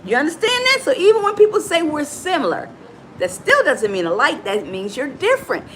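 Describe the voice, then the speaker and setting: A middle-aged woman from Chicago, a motivational coach giving an animated, preachy talk straight to her listeners. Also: sits high, brisk, a little hiss or hum, low-quality recording. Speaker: motivational coach and podcast host.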